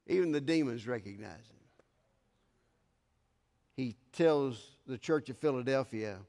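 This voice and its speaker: A man pastor preaching an emphatic sermon in a church sanctuary, his voice swelling to loud declarations. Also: mid-range voice, animated, unhurried, long pauses, big-room sound.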